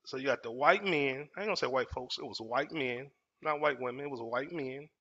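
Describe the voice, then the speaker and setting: Fairly quick and pushed bright, this mid-range male voice belongs to a Dallas storytelling host in his 40s. He tells a personal story casually and with emphasis, repeating phrases for effect, and the recording is dull lo-fi.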